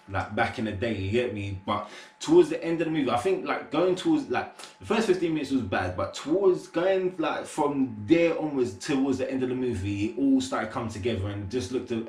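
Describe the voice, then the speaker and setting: Slangy man, lowish voice, roomy echo. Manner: rambling, filler-heavy slangy chat. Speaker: movie reviewer. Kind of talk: casual spoken review.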